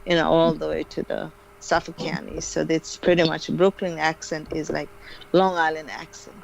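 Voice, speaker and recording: A man's voice: on the high side, flat delivery, normal speed, vocal fry, a little hiss or hum, low-quality recording. A man in casual chat, explaining a point with many fillers.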